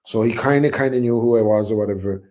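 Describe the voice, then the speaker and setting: A man's voice: fairly low pitch, fast talker, darkish tone. A middle-aged Irish man telling a story in a casual chat, acting out the quotes and swearing freely. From Ireland. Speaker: guest rapper.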